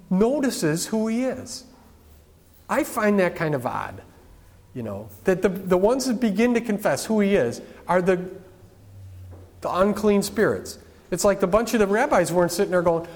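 A male pastor giving an informal, conversational sermon with animated asides. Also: sits high, moderate pace, pauses often. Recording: long reverb from a large hall.

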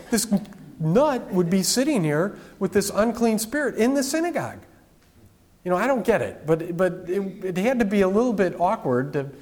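A male pastor preaching a casual, conversational sermon with lively asides. His voice sits on the higher side for a man. A long hall reverb trails after his words. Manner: informal, with animated asides.

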